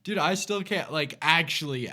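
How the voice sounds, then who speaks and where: A man's voice: on the high side, normal speed, bright, forceful tone. A young man co-hosting a podcast, telling a story in casual chat, rambling with lots of fillers and laughing often. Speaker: podcast co-host.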